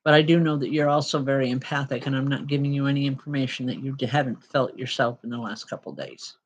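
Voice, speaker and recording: A woman's voice: a bass voice, fast. A woman giving live spirit-message readings as host, chatty and apologetic, with frequent ums and an emotional edge. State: emotional at times. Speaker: spiritual medium and show host.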